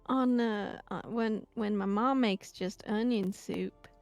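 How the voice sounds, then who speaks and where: A woman's voice: medium pitch, slow, darkish tone, no room sound, faint music behind. A woman playing a tabletop game in casual chat. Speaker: player.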